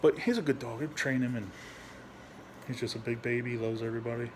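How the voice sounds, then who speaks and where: A man's voice: steady tone, fast, darkish tone, a little hiss or hum. A man talking bluntly in a casual, rambling vlog at home, swearing often and restarting his sentences. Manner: high baby-talk voice when speaking to his dog. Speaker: veteran vlogger.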